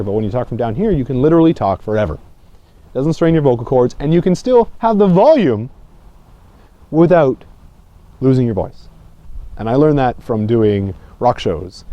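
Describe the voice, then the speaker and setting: Guy doing a chill public speaking lesson, keeps saying okay?, mellow voice, kinda muffled lo-fi audio. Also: big pitch swings, normal speed. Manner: conversational, keeps checking in with "okay?", dips low and quiet to make points. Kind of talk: casual video lesson. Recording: slightly dull lo-fi sound.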